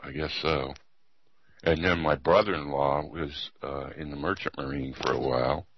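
A man's voice: rumbling low, steady tone, moderate pace, dry recording, highs cut off. A man casually telling a rambling story in an easygoing way.

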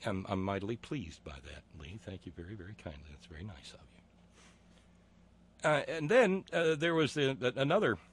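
A man hosting a political talk show, reading listener comments with sardonic, profane mockery and many halting filler words. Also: on the low side, expressive, a little hiss or hum.

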